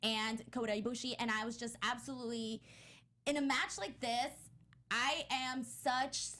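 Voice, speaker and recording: Woman panelist, higher-pitched, excitable and rambling fan talk. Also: normal speed. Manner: excitable fan, piles up restarts and fillers. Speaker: podcast panelist. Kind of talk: casual chat.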